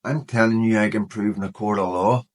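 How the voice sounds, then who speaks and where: A man's voice: lowish voice, steady tone, brisk. A man in his fifties talking straight to camera in a personal commentary vlog, earnest and worried, often saying "you know". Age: 50s. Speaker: vlogger.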